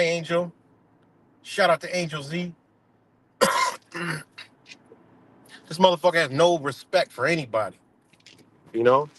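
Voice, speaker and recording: A man's voice: high-pitched, a bit bright. A man hosting a livestream, ranting in an aggressive, profane and mocking way. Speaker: livestream host.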